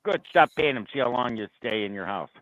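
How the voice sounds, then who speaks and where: A man's voice: medium pitch, lively intonation, fairly quick, a bit bright, dry recording. A man in his fifties in a casual argument, blunt and sarcastic, with a dull lo-fi recording. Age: 50s. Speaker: co-host. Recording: dull lo-fi sound.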